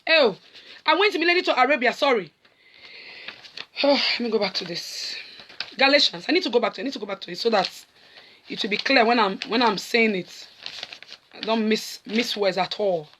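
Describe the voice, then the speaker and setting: A middle-aged Nigerian woman preaches with a high voice. Her pitch rises and falls a great deal. She slips between Pidgin and English and acts out the voices in the scripture as she goes. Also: expressive, normal speed, pauses often, a bit bright, a little hiss or hum. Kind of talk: sermon.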